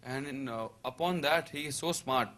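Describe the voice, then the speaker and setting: Male, 30s, testimony speaker, bright tone, hesitant with lots of fillers. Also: mid-range voice, moderate pace. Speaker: seminar attendee giving a testimony. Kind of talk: personal testimony.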